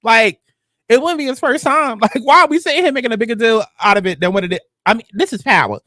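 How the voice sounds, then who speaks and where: A woman's voice: fast talker, no room sound, studio quality. A woman hosting a casual TV episode recap, talking bluntly with lots of profanity. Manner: animated, blunt and profane, with sudden jumps in pitch. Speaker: TV recap host.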